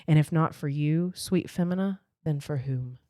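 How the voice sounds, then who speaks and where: A woman reading aloud the lines of a devoted male cat-clan leader in a romance novel, soft and tender. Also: low-pitched, normal speed, dry recording, clean studio sound, natural voice.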